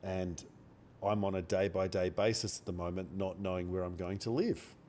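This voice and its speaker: Low-voiced aussie guy with a cold, mumbling quiet and blunt right into the mic, faint hiss behind. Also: steady tone, normal speed. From Australia. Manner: speaks quietly, blunt and swearing. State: has a cold. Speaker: day trader live-streaming. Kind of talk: quiet live-stream chat. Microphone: microphone held very close.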